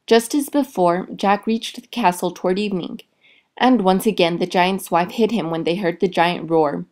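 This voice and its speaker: A woman reading a fairy tale aloud in a clear, expressive storytelling manner. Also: on the low side, moderate pace.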